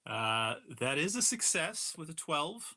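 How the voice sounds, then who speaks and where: A man's voice: on the high side, sing-song, a little slow, background noise. A man playing a tabletop game, playfully stating his moves. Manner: playful, declaring actions. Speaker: player.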